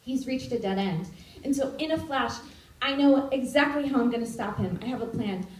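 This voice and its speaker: A young woman in her twenties telling a personal story at a live storytelling event, animated and now and then shouting out quoted lines. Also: high voice, moderate pace. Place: stage in a live venue. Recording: roomy live recording from far off.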